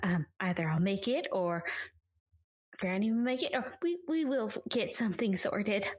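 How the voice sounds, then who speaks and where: A woman's voice: medium pitch, moderate pace, slightly rough. A woman playing a tabletop game, stammering and hesitant as she speaks in and out of character. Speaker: player. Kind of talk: tabletop role-play, in and out of character.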